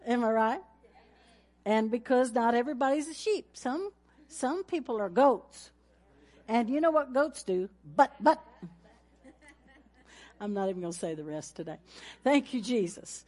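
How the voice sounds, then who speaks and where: A woman's voice: a little high, expressive, a little slow, pauses often, darkish tone. Folksy woman preaching. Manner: folksy, laughing, rising to a fervent closing prayer. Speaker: pastor. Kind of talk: sermon with church announcements.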